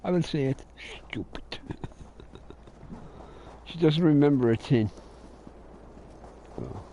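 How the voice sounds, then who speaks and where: A man's voice: a little high, expressive, measured pace, dark tone, slight background noise. A man giving casual let's-play commentary, grumbling and swearing under his breath as he plays. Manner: grumbling, swearing, muttered asides. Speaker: gamer.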